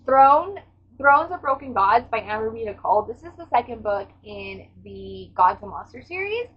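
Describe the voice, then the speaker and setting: A woman's voice: on the high side, very animated, moderate pace, slightly rough, muffled recording. A woman book vlogger giving a casual reading recap, gushing and dramatic and swearing freely.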